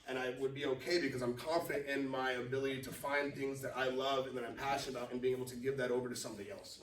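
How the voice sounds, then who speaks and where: A man's voice: medium pitch, steady tone, rapid-fire, recorded from a distance, slight background noise. Man presenting in an echoey room. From Los Angeles. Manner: conversational, keeps checking in with "right?". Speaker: company CEO presenting to a business network. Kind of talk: live business presentation. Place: meeting room. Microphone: far from the mic.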